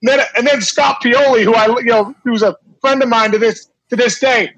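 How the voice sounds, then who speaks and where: A man in his forties, a former baseball player, telling a story in casual, animated talk with many fillers and restarts. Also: very high-pitched, brisk, no room sound, rough recording.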